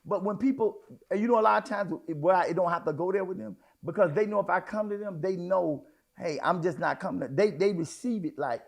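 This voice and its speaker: Gravelly high-voiced man preaching. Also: a little fast. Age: middle-aged. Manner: conversational preaching with sudden emphatic outbursts. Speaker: pastor. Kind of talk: sermon.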